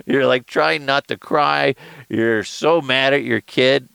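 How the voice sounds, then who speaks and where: A man hosting a casual solo podcast from inside a car, telling profane, animated stories and laughing often. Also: medium pitch, a little slow, gravelly, clean tone, dry recording. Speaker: podcast host.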